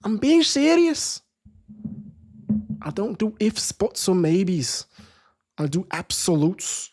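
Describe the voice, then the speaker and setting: Brief: man putting on a Scouse football know-it-all, high-pitched and emphatic, no ifs or buts. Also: big pitch swings, slow pace, a little mellow, soft background music, exaggerated voice. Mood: adamant. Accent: Liverpool Scouse, put on. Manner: emphatic, absolute declarations. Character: adamant Scouse man, dead certain of his football opinions.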